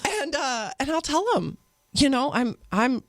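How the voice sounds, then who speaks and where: A woman guest on an interview show, a mother telling stories in an earnest, animated way. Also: high voice, unhurried, no echo. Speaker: podcast guest. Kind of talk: conversational interview storytelling.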